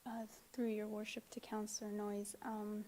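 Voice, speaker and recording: A woman's voice: mid-range voice, monotone, normal speed, dark tone, a little hiss or hum. A woman town staff member answering council in a formal, hesitant way, with many fillers.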